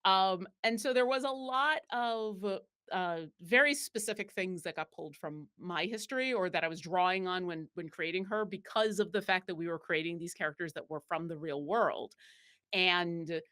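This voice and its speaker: A woman's voice: fairly low pitch, normal speed, fairly bright tone. Woman, guest in a chat, rambling, fillers and restarts, easy laugh. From Buffalo, New York. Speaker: guest player. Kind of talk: casual interview chat.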